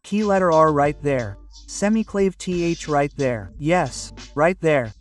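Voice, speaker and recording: An English pronunciation teacher runs a phrase-by-phrase lesson, repeating phrases again and again to drill pronunciation. His fairly high voice has lively intonation and an unhurried pace. He sounds a bit distant, with faint music in the background.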